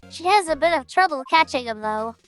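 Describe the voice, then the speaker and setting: A woman reading out a rambling, gossipy studio security guard with a high, light voice, chattering on about the crime scene as in a game. Faint music plays underneath. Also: animated, fairly quick, a bit bright. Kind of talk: reading game dialogue aloud.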